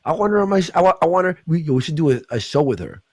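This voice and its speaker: A man hosting a livestream, ranting in a rambling, profane, excitable way. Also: a little high, rapid-fire, no room sound. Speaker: livestream host. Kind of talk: casual livestream chat.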